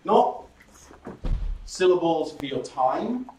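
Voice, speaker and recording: A man presenting a startup workshop, lively and chatty, acting out audience members with laughing asides. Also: fairly high pitch, slow, a little hiss or hum. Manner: animated, acts out audience reactions with laughing asides. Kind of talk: presentation skills workshop talk. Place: workshop room. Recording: roomy echo from a distant mic.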